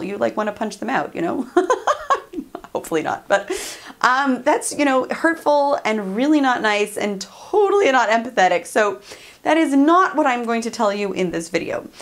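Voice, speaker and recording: A woman hosting a parenting channel, giving casual advice to camera in a chatty, upbeat way, often laughing and acting out what to say. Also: on the high side. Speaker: parenting coach and channel host.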